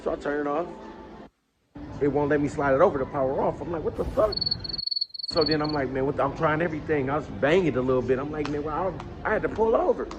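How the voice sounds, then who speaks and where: A man vlogging a casual storytime rant, animated and swearing heavily, with loud angry outbursts. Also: fairly high pitch, fast, heavy background noise.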